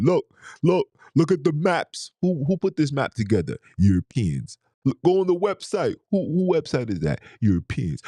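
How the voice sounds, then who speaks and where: A man's voice: lowish voice, darkish tone, no echo, studio quality. A man hosting a podcast, delivering a preachy, fired-up monologue full of rhetorical questions and streetwise slang. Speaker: podcast host. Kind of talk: impassioned monologue.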